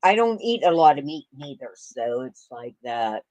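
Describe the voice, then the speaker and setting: A woman's voice: very deep voice, big pitch swings, moderate pace, a little mellow, dry recording, highs cut off. A woman in casual chat, speaking reflectively and trailing off into hesitant fillers.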